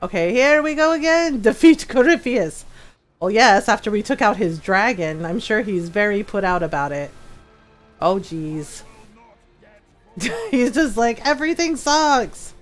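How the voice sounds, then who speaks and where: A woman's voice: medium pitch, animated, unhurried, soft background music, low-quality recording. A woman streamer chatting casually while she plays, telling a story from her school days, laughing often and acting out the people she quotes.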